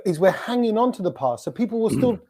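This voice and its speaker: A man hosting a podcast over a video call, lively and jokey in conversation. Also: high-pitched, fast talker. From Britain. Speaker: podcast host. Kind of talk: casual chat.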